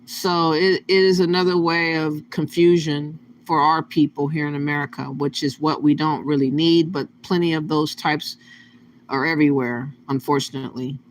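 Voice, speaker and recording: A man hosts his channel with casual, plain-spoken reaction commentary, his voice a little on the high side. A faint hiss of noise sits under his talk. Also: little pitch movement, normal speed. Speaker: channel host.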